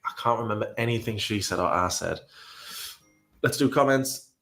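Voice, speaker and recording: A man's voice: on the low side, moderate pace, vocal fry, bright, forceful tone, faint music behind. A man casually reacting to video clips and reading out comments, rambling and self-deprecating with frequent sighs.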